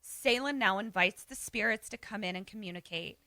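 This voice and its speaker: A woman co-hosting a podcast, casually retelling a film and acting out the characters' lines with animated voices. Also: mid-range voice, a little fast, slight background noise. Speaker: podcast co-host. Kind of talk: casual film recap chat.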